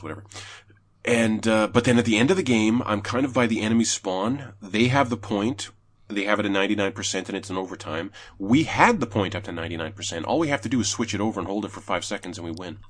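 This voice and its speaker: A young man chatting casually about video games, telling animated stories and swearing often. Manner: animated storyteller, swears, jumps high when excited. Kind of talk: casual gaming chat.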